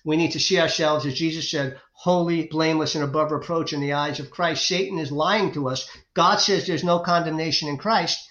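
A man, the guest author on a faith podcast, talking in a fervent preaching way and retelling stories with excitement. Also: fairly high pitch, fairly quick, few pauses. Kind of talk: faith-based podcast interview. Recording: roomy, dull lo-fi sound.

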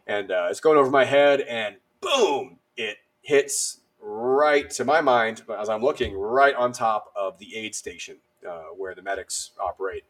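A man's voice: fairly low pitch, lively intonation, unhurried, hardly any pauses, fairly bright tone. A man on a podcast, telling a story casually and animatedly, with a self-deprecating humor and many fillers. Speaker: podcast guest.

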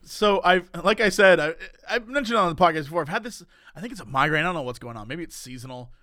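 A man co-hosting a podcast, animated and exclaiming, laughing often in casual chat. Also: on the high side, quick pace, no echo, studio quality. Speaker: podcast co-host.

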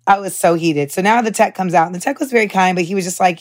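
A young American woman hosting a podcast, telling stories casually with heated, animated asides and swearing. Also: mid-range voice, fast, few pauses. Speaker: podcast host. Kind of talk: casual storytelling monologue.

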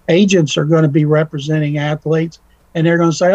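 A man's voice: fairly high pitch, steady tone, a little fast, a little mellow, no echo, lo-fi sound. A man talking casually as a guest commentator, folksy and telling stories with little acted-out voices. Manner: folksy, acts out quoted voices in his story. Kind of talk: casual radio talk.

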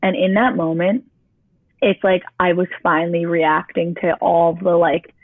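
A woman's voice: lowish voice, fairly even intonation, measured pace, no room sound. A young woman telling her personal testimony in a casual, chatty way, with "like" peppered through her sentences. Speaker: guest sharing her testimony. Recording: tinny phone-line sound, dry.

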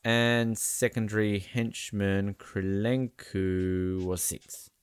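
A man's voice: lowish voice, fairly even intonation, slow pace, smooth, no room sound. A man co-hosting a podcast in casual chat, rambling with fillers and laughs. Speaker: podcast co-host.

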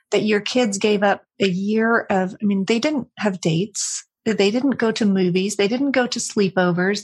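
A middle-aged woman speaks candidly as an interview guest, her voice soft and airy with a breathy edge. She tells a family story in a reflective, conversational way and brightens when she quotes her kids. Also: mid-range voice.

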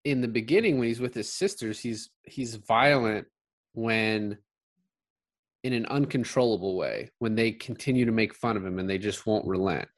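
A man's voice: on the low side, moderate pace. A man casually talking through a film's scenes with a co-host, swearing and enthusiastic. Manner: swearing, excited retelling of scenes. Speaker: podcast co-host. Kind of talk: casual movie discussion.

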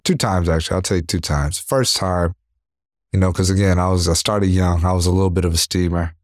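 A young adult man, a professional boxer, telling stories from the ring in a relaxed interview, acting out punches with sound words. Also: low voice, brisk, no echo, clean studio sound. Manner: animated storyteller, acts out punches with sound words; leans on "you know what I mean". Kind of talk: casual interview storytelling.

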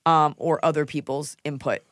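A woman's voice: sits low, level tone, normal speed, no room sound, studio quality. A woman co-hosting a podcast, giving blunt, casual advice and teasing her co-host, swearing now and then.

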